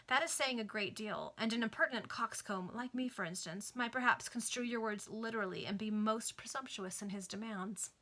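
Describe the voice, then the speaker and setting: A woman voicing a smooth, calculating male moneylender in a Victorian novel read aloud, measured and insinuating. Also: a little high, sharp tone.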